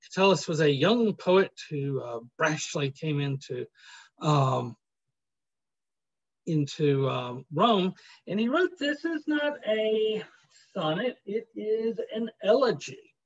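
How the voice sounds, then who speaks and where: A man's voice: high-pitched, sing-song, takes it slowly, lo-fi sound. A male professor giving a chatty, joking university lecture in a classroom, with many fillers.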